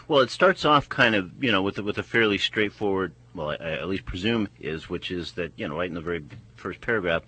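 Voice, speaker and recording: A man hosting a casual talk, speaking haltingly with frequent restarts. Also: sits low, expressive, pushed and bright, husky, low-quality recording. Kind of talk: casual discussion.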